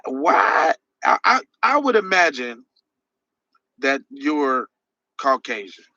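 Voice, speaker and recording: A man's voice: medium pitch, sharp tone, dry recording, dull audio. A man hosting a podcast livestream, answering chat messages with sarcastic, mocking rants. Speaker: podcast host reading live chat. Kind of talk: heated livestream commentary.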